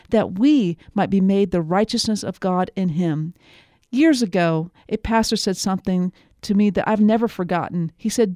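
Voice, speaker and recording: A woman preaching a devotional sermon, earnest and emphatic, slowing down on key phrases. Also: mid-range voice, mellow, dry recording, studio quality.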